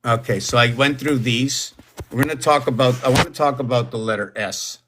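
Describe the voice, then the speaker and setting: A man with a medium-pitched voice talks fairly quickly over background noise as he rambles through a casual livestream from home. As host, he muses aloud about words and numbers.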